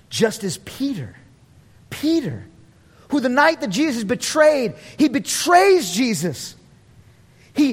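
A man preaching a sermon as pastor, animated, acting out quotes in voices and laughing often. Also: high-pitched, breathy edge. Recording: long reverb of a large hall.

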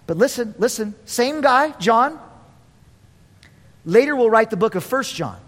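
High-voiced animated preacher in a hall. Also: male voice, normal speed. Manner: animated, acts out quotes in voices, laughs often. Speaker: pastor. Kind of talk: sermon. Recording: long reverb of a large hall.

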